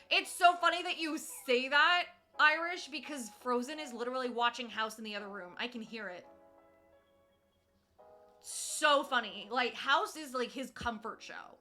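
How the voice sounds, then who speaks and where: Young woman streamer, high piercing voice, chatty and teasing, swears freely, crafting on stream. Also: expressive, measured pace, pauses often, bright, forceful tone, soft background music. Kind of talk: casual live-stream chat while cross-stitching.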